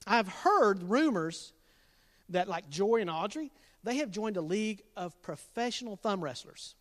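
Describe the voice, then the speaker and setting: Middle-aged youth pastor, jokey and teasing, high animated voice, long hall reverb. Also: male voice, measured pace. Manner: jokey, teasing, laughs at his own jokes. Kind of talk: playful dad jokes to an online youth group.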